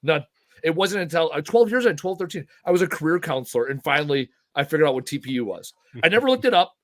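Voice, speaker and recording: A man's voice: on the high side, expressive, quick pace, fairly bright tone. A man hosting a podcast, telling loose stories with casual swearing and blunt, joking asides. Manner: rambling storyteller, swears casually. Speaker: podcast host.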